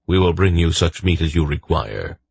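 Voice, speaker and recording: A man's voice: rumbling low, lively intonation, moderate pace, creaky, a little mellow, husky, exaggerated voice. A man voicing an old male wolf pack leader who speaks in a commanding, dry, decisive way in an audiobook.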